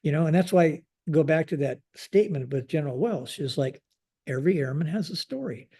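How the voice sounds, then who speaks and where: A man in his sixties tells stories as a podcast guest in a mellow voice that sits a little high. He talks in a halting way, restarting his sentences and tagging them with a habitual phrase. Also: lively intonation, slightly rough. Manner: halting, frequent restarts, keeps saying "like this". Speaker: podcast guest, retired Air Force general. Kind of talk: conversational storytelling.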